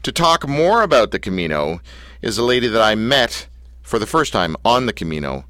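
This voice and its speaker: A man's voice: lowish voice, big pitch swings, normal speed, fairly bright tone, no echo, studio quality. A man hosting a casual interview show, telling rambling stories and teasing his guest. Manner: playful, rambling storyteller who teases his guest. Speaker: radio show host.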